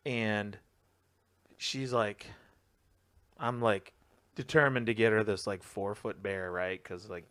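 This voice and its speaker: A man's voice: lowish voice, slow pace, pauses often, a bit bright, clean tone. A man co-hosting a casual podcast, telling rambling stories with lots of filler words. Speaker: podcast co-host. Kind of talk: casual storytelling chat.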